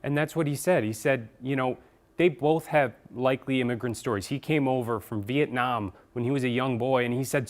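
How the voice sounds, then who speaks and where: A man's voice: mid-range voice, brisk. A male news reporter speaking conversationally in a live studio news segment. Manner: conversational, explanatory.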